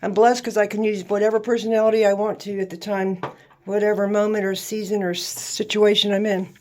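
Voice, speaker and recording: A woman's voice: mid-range voice, brisk. A woman, telling her life story in an emphatic, faith-filled monologue. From Louisiana, USA. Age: 60s. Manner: lively, emphatic testimony with faith talk. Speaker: vlogger.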